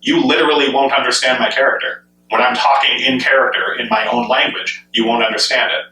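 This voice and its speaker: Male gaming commentator, eager and questioning, piercing bright tone, recorded far from the mic. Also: medium pitch, level tone, brisk, slight background noise. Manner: enthusiastic, asks many rhetorical questions. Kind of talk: speculative solo commentary. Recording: echoey room, mic at a distance.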